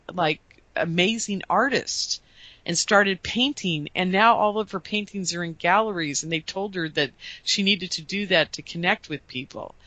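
A woman guest recounts events in an animated, storytelling way, often lifting her voice to act out quoted dialogue. Her tone is bright and forward. The sound is dry and close. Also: no echo. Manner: lively, acts out quoted dialogue with raised pitch. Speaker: guest, UFO conference producer.

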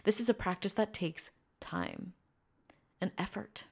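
A young trans man in his early twenties hosting a personal podcast, talking in a rambling way, with many fillers, restarts and tangents. He speaks in a fairly high voice he has trained himself to use. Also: huge pitch swings, unhurried, vocal fry, a little mellow, husky. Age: early 20s. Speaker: podcast host.

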